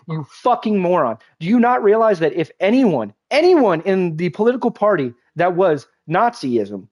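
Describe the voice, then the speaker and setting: A man's voice: high-pitched, sing-song, normal speed. A young man live-streaming a game and ranting in a heated, profane, rambling way, with many restarts. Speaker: gaming livestreamer. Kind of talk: ranting live-stream commentary while gaming. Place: at home at a game console.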